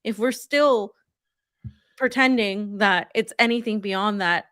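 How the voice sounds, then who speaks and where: A woman's voice: medium pitch, takes it slowly, a bit bright, dry recording, studio quality. Emphatic woman co-host on a video call. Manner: direct, emphatic, says "literally" a lot. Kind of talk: casual political talk show chat.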